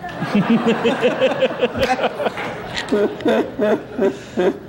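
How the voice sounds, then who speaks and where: An older man with a softened Cockney London accent, telling anecdotes in a chatty, repetitive interview style. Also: extremely high pitch, very slow, some chatter behind, a little hiss or hum. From East End of London. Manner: chatty storyteller, chuckles, repeats himself. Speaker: interviewee actor.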